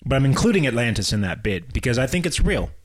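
A man's voice: medium pitch, big pitch swings, fast talker. A man co-hosting a podcast in casual chat, rambling, swearing and laughing often. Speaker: podcast co-host.

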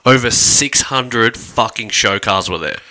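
A man's voice: fairly low pitch, unhurried, pushed and bright. A man in casual chat with friends, jumping in with sweary, enthusiastic remarks.

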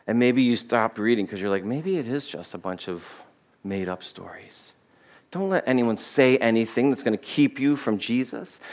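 A man's voice: fairly bright tone, smooth. Conversational male pastor preaching. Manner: conversational, acts out quotes with jumps in pitch. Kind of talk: sermon.

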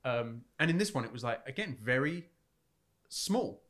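A man co-hosting a casual film podcast, thoughtful and halting, often restarting his sentences. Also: medium pitch, animated, fairly bright tone. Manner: hesitant, many fillers and restarts, reflective. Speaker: podcast co-host.

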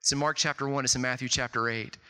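A middle-aged man preaching a sermon, telling stories with lots of "like" and jumping up loud and high when he quotes people. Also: quick pace, clear, resonant tone. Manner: animated storytelling, swings loud and high on quotes, filler "like". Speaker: pastor. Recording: long hall reverb.

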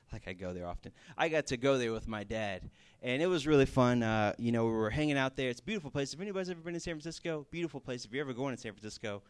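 A man preaching a sermon in a casual way, telling stories with lively bursts and everyday fillers. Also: medium pitch, smooth. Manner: casual, animated storytelling with fillers. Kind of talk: sermon with storytelling.

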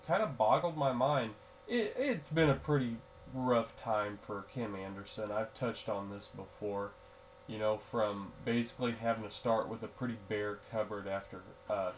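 A man's voice: fairly low pitch, normal speed, a little hiss or hum, rough recording. A man hosting a solo sports podcast, talking casually in a groggy early-morning voice, rambling with fillers and restarts. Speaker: podcast host.

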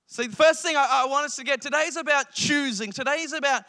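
Young male pastor, high bright voice, playful sermon delivery that slips into mocking impressions, big reverberant church hall. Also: quick pace. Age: young adult. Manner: animated, joking, mimics entitled voices.

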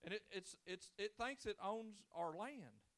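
A man's voice: sits high, animated, a little slow, a bit bright. A man in his forties, a pastor preaching a sermon with folksy, joking storytelling and casual grammar. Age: 40s.

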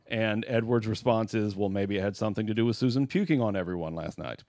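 A man's voice: on the low side, fast talker, a little mellow, no room sound. A man co-hosting a casual movie podcast, blunt and dry as he retells scenes. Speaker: podcast co-host.

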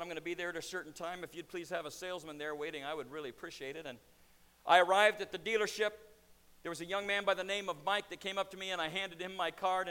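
A man preaches a sermon in a church hall, his bright, forceful voice ringing with long reverb. He drops to near whispers and then rises to loud, pressing peaks. His voice sits fairly high for a man. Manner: preaching with dramatic swings from hushed to loud.

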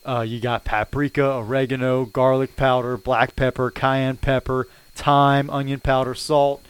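A man's voice: medium pitch, little pitch movement, unhurried, clean tone. A man co-hosting a casual podcast, easygoing and laughing as he tells stories. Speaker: podcast co-host. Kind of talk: casual sports and food chat.

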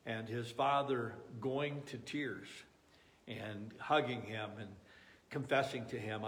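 A man's voice: mid-range voice, takes it slowly. A man preaching a sermon as a pastor, talking in an earnest, pleading way with frequent restarts.

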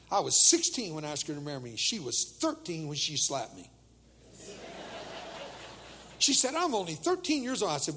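Older man preaching with lively, husky voice. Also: fairly high pitch, long reverb tail. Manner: storytelling with jokes, acting out voices. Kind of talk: humorous sermon to teenagers.

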